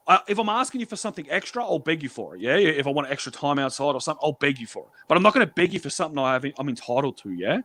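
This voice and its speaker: A man's voice: a little high, animated, fast talker, bright, forceful tone, no echo. A man telling prison stories on a stream in a blunt, profane way, acting out the exchanges he quotes. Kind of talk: casual storytelling.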